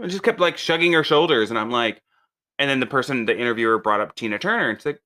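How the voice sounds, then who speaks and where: A podcast co-host chatting casually about movies, talking fast with a bright, edgy tone. He tells stories with lots of energy and jumps his voice way up when he quotes other people. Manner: animated storyteller, jumps in pitch when quoting people. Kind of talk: casual chat.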